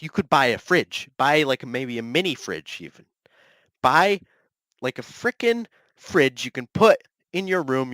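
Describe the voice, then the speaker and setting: A young man hosting a solo podcast, ranting repetitively in mock heated outrage that keeps escalating into near yelling, close to the mic in a small dry room. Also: medium pitch, dry recording, rough recording. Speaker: podcast host. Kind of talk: solo comedic rant.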